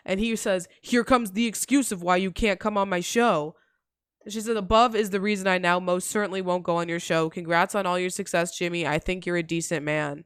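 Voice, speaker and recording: A woman's voice: fairly low pitch, animated, normal speed, clear, resonant tone, no room sound, studio quality. A woman hosting a reaction video, reading messages aloud in blunt, profane casual commentary. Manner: blunt and profane, gets heated.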